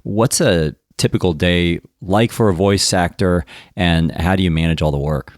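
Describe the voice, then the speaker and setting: A man's voice: low voice, normal speed, dry recording, clean studio sound. An American man hosting an interview podcast, asking curious, encouraging questions. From United States. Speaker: podcast host.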